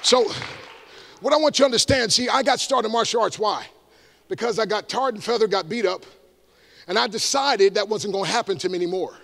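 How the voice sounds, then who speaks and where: Evangelist, high gravelly voice, shouts call-and-response lines at the crowd. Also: male voice, fairly quick. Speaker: evangelist and motivational speaker. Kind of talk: energetic stage motivational talk. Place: large room before a live audience.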